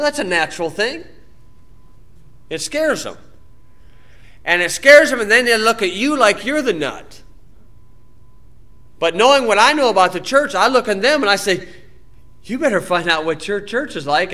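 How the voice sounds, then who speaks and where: A man's voice: high voice, sharp tone. A Baptist preacher man from the United States giving an informal sermon-style talk in a folksy, plain-spoken way with colloquial grammar.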